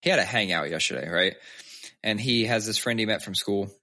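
A man's voice: fairly low pitch, fairly quick, pushed and bright. A man in his thirties chatting candidly about his kids, swearing freely and acting out their lines. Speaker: podcast co-host. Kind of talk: casual chat.

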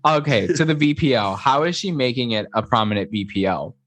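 A man's voice: mid-range voice, a little fast, fairly bright tone, dry recording. A young man co-hosting a podcast, chatting casually and telling candid stories with frequent laughter. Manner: candid, giggly storytelling. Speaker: podcast co-host. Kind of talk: casual chat.

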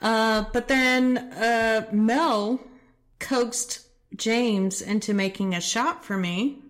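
A woman co-hosting a podcast, chatting casually in a relaxed, unhurried way. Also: fairly high pitch. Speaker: podcast co-host. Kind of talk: casual chat.

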